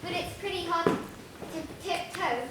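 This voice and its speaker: A student actor playing a sarcastic pirate sidekick in a school stage play, recorded from far off in an echoey hall. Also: female voice, extremely high pitch, very noisy. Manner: sarcastic, quick retorts.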